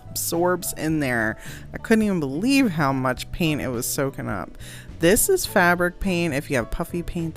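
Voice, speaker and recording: A woman talking through a craft tutorial in a casual voice-over, chatty and giggly, often poking fun at herself. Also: deep voice. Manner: chatty, giggly, self-deprecating. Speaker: crafting vlogger.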